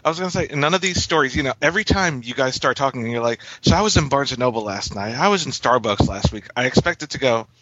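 Bright-voiced man teasing his co-hosts. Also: medium pitch, fast, few pauses, no echo. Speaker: podcast co-host. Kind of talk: casual banter. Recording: dull lo-fi sound.

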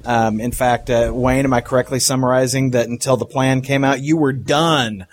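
A man's voice: mid-range voice, steady tone, normal speed. A man hosting a podcast, chatting casually and laughing easily. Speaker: podcast host. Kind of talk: casual chat.

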